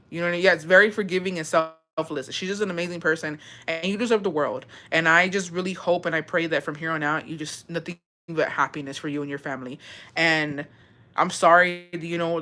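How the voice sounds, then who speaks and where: A woman's voice: lowish voice, a bit bright. A young woman from Texas in her twenties, chatting emotionally and swearing freely as she reacts to viewer stories. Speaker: host reading viewer stories. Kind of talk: casual chat.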